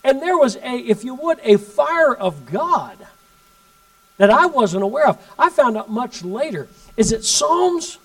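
A man preaching a sermon and telling a story, emphatic, swinging from loud bursts to hushed asides. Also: extremely high pitch, expressive, moderate pace, few pauses, far from the mic, rough recording.

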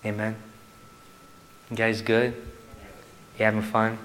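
A male pastor preaching a sermon to his church in an animated way, swinging from loud to hushed. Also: fairly low pitch, takes it slowly.

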